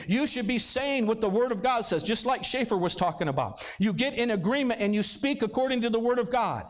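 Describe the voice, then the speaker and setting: A man's voice: extremely high pitch, a little fast, hardly any pauses. A male pastor preaching a sermon in a church service, talking conversationally and throwing rhetorical questions at the congregation. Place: church sanctuary, live service.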